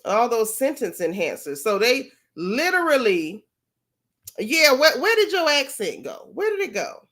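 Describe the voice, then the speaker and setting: A woman's voice: fairly high pitch, big pitch swings, a little slow, a bit bright. A woman from Florida hosting a casual gossip vlog, chatty and mocking as she comments on clips.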